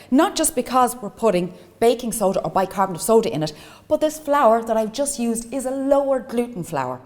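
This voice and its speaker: A woman's voice: mid-range voice, a little mellow, long reverb tail. An Irish woman teaching a baking lesson, chatty and enthusiastic as she gives tips and little asides while she works. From Ireland. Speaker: cooking teacher. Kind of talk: cooking demonstration.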